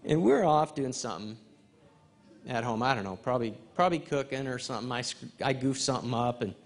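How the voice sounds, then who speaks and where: A man preaching at a men's fellowship, telling a personal testimony in an animated storytelling way and acting out conversations. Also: medium pitch, fairly quick. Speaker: guest speaker at a men's fellowship. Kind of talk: testimony sermon.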